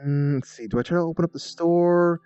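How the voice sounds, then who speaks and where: A man's voice: on the high side, a little fast, dark tone, clean tone, no echo, muffled recording. A man streaming a role-play game, thinking aloud about what to do next. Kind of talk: casual live-stream commentary.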